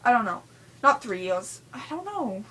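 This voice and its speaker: A woman's voice: a little high, sing-song, normal speed, sharp tone, husky. A young woman rambling frankly in a casual vlog, full of fillers and blunt asides. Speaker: vlogger.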